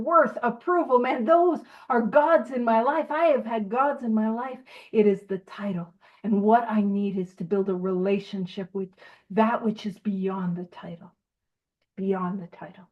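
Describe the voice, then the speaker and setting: A woman's voice: a little high, muffled recording. A woman leading a recovery study group in a casual teaching talk, chatty and self-deprecating, laughing often as she goes.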